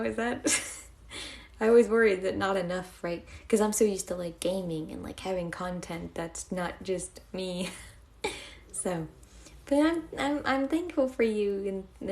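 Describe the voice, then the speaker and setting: A woman's voice: medium pitch, a little mellow. A young woman live-streaming, chatting casually and giggling as she thanks her viewers.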